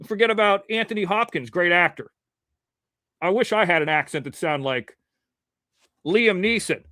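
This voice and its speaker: A man's voice: sits high, moderate pace, long pauses, bright, forceful tone, no echo, clean studio sound. A man hosting a live show, chatting casually, rambling and joking as he greets viewers. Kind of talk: casual live-stream chat.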